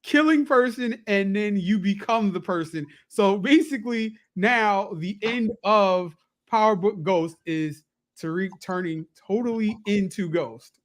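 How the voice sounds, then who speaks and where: High-voiced man chiming into a review chat. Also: unhurried.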